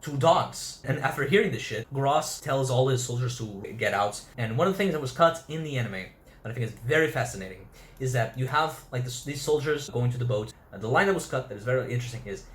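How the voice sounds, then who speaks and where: A man's voice: mid-range voice, lively intonation, quick pace, fairly bright tone, roomy sound. A man giving a casual, chatty review of an anime episode, swearing freely and acting out characters' lines. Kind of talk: casual video review commentary.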